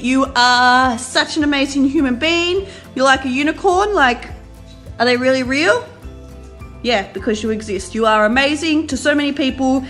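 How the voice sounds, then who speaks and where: A woman's voice: high-pitched, fairly bright tone. A woman, gushing with affection in a casual birthday video message.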